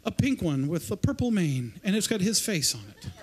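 A male preacher with a notably high voice. He speaks loosely and conversationally, stumbling over and repeating his words as he goes. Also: big pitch swings, moderate pace, a little hiss or hum. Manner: rambling, repeats and restarts words. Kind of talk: informal sermon. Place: church service.

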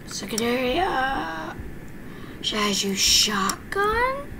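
Very high-pitched excitable woman gamer. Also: slow. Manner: excitable, squealing and shouting between whispered asides. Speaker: gaming channel host. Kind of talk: game commentary. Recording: home recording with clear background noise.

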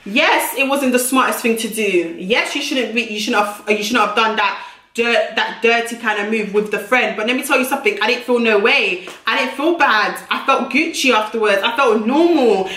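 A young woman tells a storytime to her channel, blunt and brash, swearing freely. Her voice is bright and forceful, sitting a little high, and it bounces around an echoey room. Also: normal speed. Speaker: YouTuber. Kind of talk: storytime vlog.

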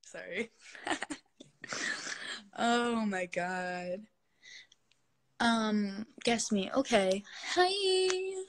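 A woman's voice: mid-range voice, fairly even intonation, extremely slow, pauses often. A young woman chatting with fans on a live stream from her phone, gushing and giggly, sometimes cooing at her cat. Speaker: social media star hosting a live stream.

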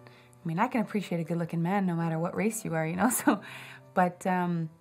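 A woman's voice: fairly low pitch, fairly quick, soft background music. A woman in a documentary interview, telling a personal story reflectively with casual fillers.

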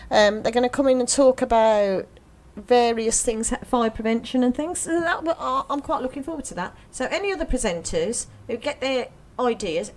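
A woman's voice: a little high, normal speed, darkish tone. A woman presenting a local radio show in a chatty, teasing way, with frequent ums. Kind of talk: casual radio chat.

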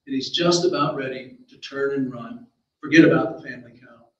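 A man telling a folk story aloud, with lively, dramatic delivery and acted dialogue. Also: medium pitch, fairly quick, reverberant, distant mic, highs cut off.

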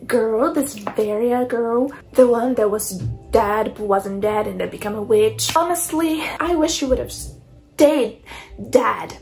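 A woman's voice: a little high, expressive, unhurried, darkish tone, soft background music, rough recording. Exasperated woman ranting. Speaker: book vlogger. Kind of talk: casual reading vlog chat.

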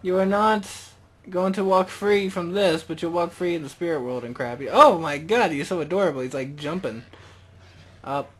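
A young man casually commentating a video game, rambling and joking, excited. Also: sits high, normal speed, breathy edge. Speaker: gaming video host. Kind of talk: casual let's-play commentary.

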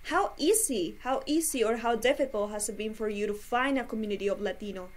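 High-voiced young woman hosting. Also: brisk. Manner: chatty, soft-spoken questions. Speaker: podcast host. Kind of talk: casual interview chat.

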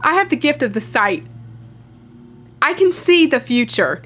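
A woman's voice: high-pitched, sing-song, measured pace, a bit bright. A woman playing a horror game and giving casual commentary, sarcastic and joking as she goes. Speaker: gameplay commentator.

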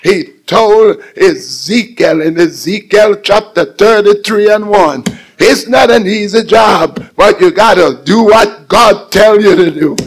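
High-voiced, unhurried preaching man. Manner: rhythmic preaching with repeated "my God" refrains, building to shouts. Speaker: preacher filling in for the bishop. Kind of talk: radio sermon.

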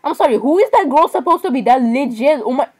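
A teenage girl reacting to videos in a casual vlog, excitable and exclamatory, jumping between loud outbursts and mumbled asides. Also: high-pitched, quick pace. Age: teens. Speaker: reaction vlogger.

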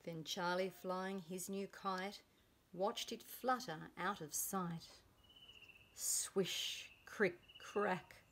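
A woman reading a children's picture book aloud, slow and expressive, giving the characters lively voices. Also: lowish voice. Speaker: preschool storybook reader.

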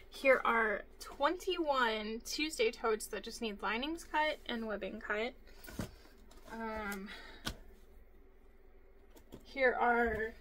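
A woman's voice: on the high side, fairly bright tone, a little hiss or hum. A woman vlogging casually from her home sewing office, rambling through her craft work with lots of fillers. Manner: rambling, filler-heavy, chatty. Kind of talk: casual chat. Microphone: phone camera.

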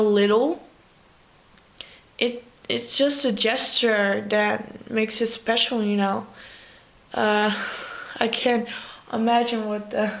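A woman's voice: mid-range voice, gravelly, poor audio. A young woman, chatting casually to camera in a rambling, hesitant way full of fillers. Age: 20s. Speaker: vlogger.

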